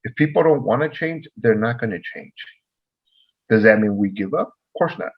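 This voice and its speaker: Male podcast co-host, husky low voice, lively storyteller, dull recording. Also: moderate pace. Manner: animated, acts out dialogue in the story. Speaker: podcast co-host, former probation officer. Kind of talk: casual storytelling.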